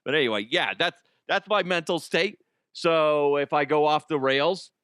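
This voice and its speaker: A man's voice: on the high side, lively intonation, fairly quick, fairly bright tone, clear, resonant tone, no room sound, clean studio sound. A man hosting a comedy podcast, rambling and self-mocking with crude jokes while a little sick with the flu. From Colorado. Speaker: podcast host. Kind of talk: rambling comic monologue.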